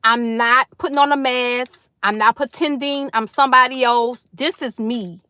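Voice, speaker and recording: A woman talks to her live viewers from a parked car, her voice pitched high and the sound close and dry with no room echo. She is warm and effusive, calling out viewers by name as they join and thanking them over and over. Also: steady tone, normal speed. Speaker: livestream host. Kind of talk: casual live chat with viewers. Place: parked car in a school carpool line.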